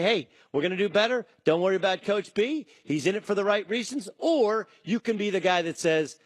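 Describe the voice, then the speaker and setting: A man hosting a sports talk show, talking in a fairly high voice. He riffs with energy and slips into different voices when he quotes people. The sound is dry and close, with no room around it. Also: dry recording. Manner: animated, acts out quotes in shifting voices. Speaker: sports talk radio host.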